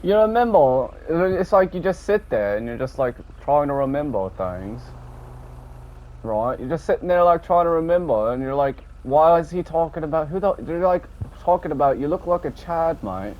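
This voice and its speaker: A man's voice: fairly high pitch, lively intonation, moderate pace. Rambling man on a muffled recording. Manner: meandering, swears often, ends lines with a dropped "mate". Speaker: gamer recounting an online game session. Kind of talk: rambling casual monologue. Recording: dull lo-fi audio with faint background noise.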